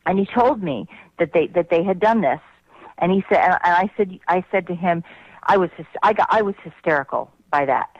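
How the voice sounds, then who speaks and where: A woman guest telling an emphatic, animated story over the phone, with many restarts. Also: fairly low pitch, brisk, no room sound. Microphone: telephone. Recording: muffled phone line.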